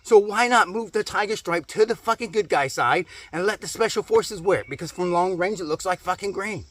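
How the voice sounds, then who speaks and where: A man's voice: high-pitched, brisk. A man in a comedic rant, angry and profane, swearing constantly and repeating himself. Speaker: comedic ranting character.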